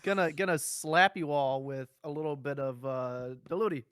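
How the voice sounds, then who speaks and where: A man's voice: fairly high pitch, normal speed, fairly bright tone, clear, resonant tone, no room sound. Joking male podcast host, dry sound. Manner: joking, laughs often, loose and rambling. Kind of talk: casual podcast chat.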